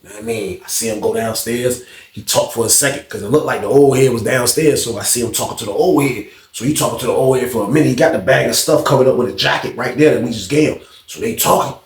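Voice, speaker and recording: A man's voice: medium pitch, quick pace. A young man telling a story in casual, slangy talk, acting out the voices of others. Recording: roomy echo.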